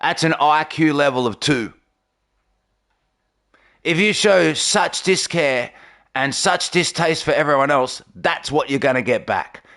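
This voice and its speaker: A man's voice: fairly high pitch, unhurried, a bit bright. A man hosting his gaming channel, giving sarcastic, mocking gameplay commentary and laughing often.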